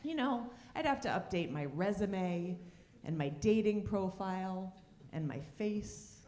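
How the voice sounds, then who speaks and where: A woman performing a stand-up comedy set on a club stage, dropping wry, deadpan punchlines between lively asides. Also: mid-range voice, unhurried, reverberant.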